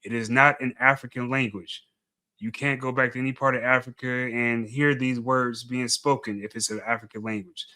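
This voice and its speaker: A man's voice: mid-range voice, little pitch movement, moderate pace, bright, forceful tone. A man giving blunt, dismissive commentary, often repeating himself as he argues. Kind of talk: opinionated commentary video.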